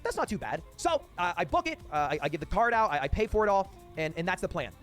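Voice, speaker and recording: A young man in his twenties, a streamer telling a story casually, animated and swearing freely. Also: sits high, quick pace, faint music behind.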